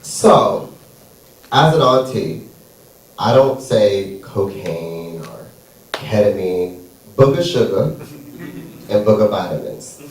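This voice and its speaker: A man's voice: lowish voice, expressive, slow, long pauses, a little hiss or hum. A man performing a stand-up comedy set on a theater stage, sassy and playful, drawing out his punchlines. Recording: echoey room, far from mic.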